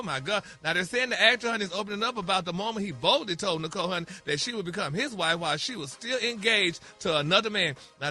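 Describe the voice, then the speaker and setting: Radio gossip host, man, high bright voice, sassy, music under. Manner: sassy, peppers talk with "honey".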